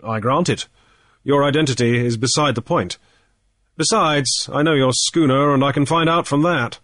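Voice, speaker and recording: Male reader playing a shrewd sea trader, airy and brisk, slightly raised voice, dry sound. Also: mid-range voice, fairly bright tone, dry recording, voice pushed up, natural voice. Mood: cool, probing. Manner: brisk, airy, with little hesitations. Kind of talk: audiobook character voice.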